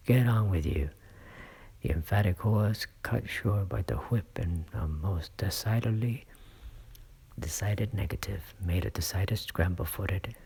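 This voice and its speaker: Give me a man narrating an audiobook in a hushed, husky, gravelly voice. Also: deep voice. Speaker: audiobook reader. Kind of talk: scripted narration.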